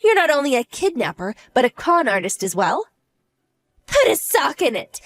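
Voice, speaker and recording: A woman plays a wronged wife in an audio drama, cool and mocking. Her fairly high voice moves with lively, sarcastic turns. The sound is dry and close. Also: no room sound. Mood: smug. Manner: smug, sarcastic, unhurried.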